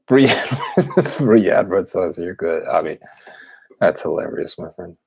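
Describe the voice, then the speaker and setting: Gravelly low-voiced man, blunt and profane. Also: animated, takes it slowly, darkish tone, poor audio. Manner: blunt and profane, with scoffing laughs. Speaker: occultist answering viewer questions. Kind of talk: casual live Q&A.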